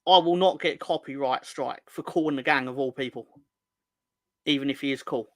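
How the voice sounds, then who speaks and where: His mid-range voice is a bit bright and moves at normal speed in a dry recording. This young man hosts a football fan livestream, casually rambling, joking, and teasing viewers while reading out their comments.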